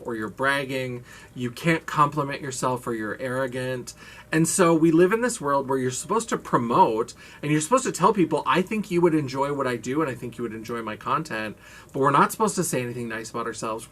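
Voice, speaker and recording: A man's voice: mid-range voice, fairly bright tone. A man chatting casually and expressively as a beauty YouTuber, with the odd casual swear. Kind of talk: casual chat.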